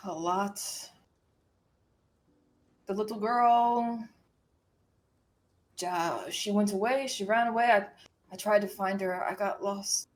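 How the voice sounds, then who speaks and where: A woman's voice: medium pitch, slow pace, pauses often, a little hiss or hum, natural voice. A woman voicing an old, loyal male dog who talks in short, childlike sentences. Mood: wistful.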